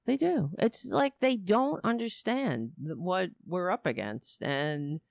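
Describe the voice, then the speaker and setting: A woman's voice: fairly low pitch, lively intonation, takes it slowly, gravelly, few pauses, darkish tone, no room sound, clean studio sound. Blunt, swearing woman ranting on a livestream. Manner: blunt, profane, exasperated. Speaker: political livestream host. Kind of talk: casual ranting commentary to a live chat. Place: home setup. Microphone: cheap home microphone with headphones.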